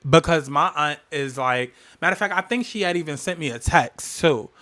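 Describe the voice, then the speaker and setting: A man with a bright, forceful voice pitched a little high tells a personal story on his podcast. He hammers his points home by repeating key phrases, and he swears freely as he goes. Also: moderate pace. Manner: emphatic, repeats phrases for weight, heavy swearing. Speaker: podcast host. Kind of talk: candid storytelling monologue.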